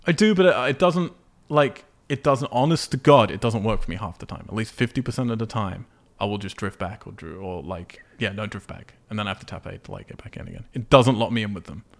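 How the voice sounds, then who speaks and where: A man's voice: lowish voice, brisk, gravelly, few pauses. A man chatting casually on a podcast, telling frustrated stories with lots of swearing and acted-out exclamations. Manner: animated storyteller, swears freely, acts out frustration. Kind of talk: casual podcast chat about a video game.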